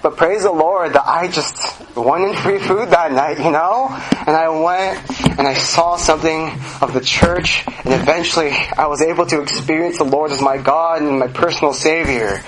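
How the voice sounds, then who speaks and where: A man's voice: fairly high pitch, normal speed. A young man giving a personal church testimony, earnest and chatty, with many fillers. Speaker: church member sharing testimony. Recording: noisy background.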